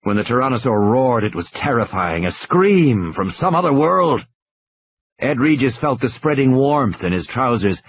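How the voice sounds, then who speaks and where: Husky, dramatic male storyteller. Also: mid-range voice, sing-song, unhurried, no echo. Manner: dramatic, with tense swings in pace. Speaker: audiobook reader. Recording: dull lo-fi audio.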